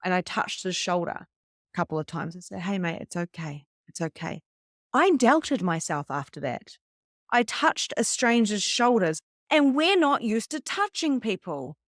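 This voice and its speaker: A woman's voice: medium pitch, very animated, measured pace, no room sound, clean studio sound. Earnest woman coaching. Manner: earnest, conversational, with acted-out anecdotes. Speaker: spiritual coach. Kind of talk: teaching a wellness session.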